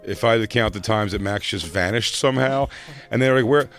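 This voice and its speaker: A man's voice: fairly low pitch, fast, a bit bright, soft background music. A man co-hosting a podcast, chatting casually and telling rambling, crude stories with frequent laughter. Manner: rambling storyteller, laughs often, crude jokes. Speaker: podcast co-host. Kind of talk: casual comedic chat.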